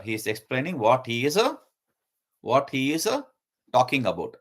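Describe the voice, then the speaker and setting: A man's voice: mid-range voice, very animated, moderate pace, a bit bright. Man explaining scripture with repeated terms. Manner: explanatory, repeats key terms, hesitant fillers. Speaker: teacher. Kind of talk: spoken commentary on a scripture.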